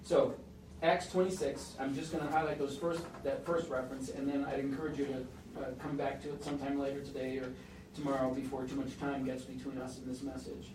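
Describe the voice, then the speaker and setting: A man preaching a sermon, telling a story with emphatic rises and soft, hushed moments. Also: medium pitch, level tone, brisk, noisy background. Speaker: pastor. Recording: roomy echo, mic at a distance.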